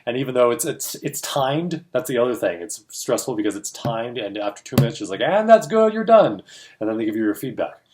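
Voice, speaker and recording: Talking fast with few pauses, a man with a mid-range, darkish voice co-hosts a chat about the film industry, and there's a faint hiss or hum on the recording. He spins a casual, energetic story, laughs a lot, and performs the voices of the people he quotes.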